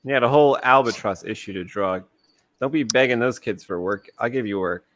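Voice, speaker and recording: A man's voice: mid-range voice, brisk, fairly bright tone, slight background noise. A man co-hosting a casual livestream chat, making dry, teasing remarks. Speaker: co-host and comic creator.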